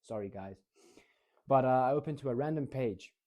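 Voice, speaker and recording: An eighteen-year-old man coaching public speaking in a casual, energetic tutorial, demonstrating fast, slow, low and high reading. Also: dull audio. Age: teens.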